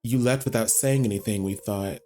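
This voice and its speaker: A man's voice: on the low side, brisk, dark tone. A man streaming a story game, reading the characters' lines aloud with short asides of his own. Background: faint game music.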